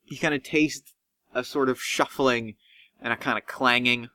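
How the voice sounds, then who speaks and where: Bright-voiced male game master. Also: moderate pace, no echo. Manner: animated, swings pitch when describing. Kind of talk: narrating a tabletop game.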